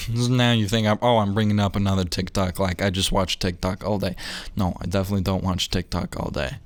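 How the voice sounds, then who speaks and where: A man's voice: deep voice, flat delivery, a little fast, a little hiss or hum. A young man hosting a casual podcast, rambling and interrupting himself with jokes and lost trains of thought. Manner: rambling, self-interrupting, jokey. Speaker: podcast host.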